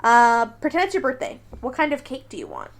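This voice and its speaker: A woman hosting a casual personality quiz, playful and quick to laugh, reading options off a list. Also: fairly high pitch, wildly swooping pitch, gravelly. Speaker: host running a personality quiz. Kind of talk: casual chat.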